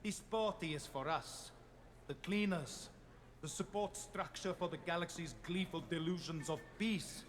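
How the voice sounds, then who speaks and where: An actor playing an arrogant crime lord in a video game, speaking in a silky, self-satisfied and quietly menacing way. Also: male voice, a little high, unhurried, slight background noise, close to an everyday voice. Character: smooth arrogant male crime lord host. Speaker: game character.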